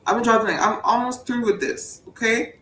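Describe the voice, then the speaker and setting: A woman giving a playful sermon-style riff on a voice call, preachy and repetitive, bursting into high whoops. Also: fairly even intonation, a little fast, a bit bright. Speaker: show participant preaching to the group. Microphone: voice chat mic. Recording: roomy, distant voice chat audio, faint hum.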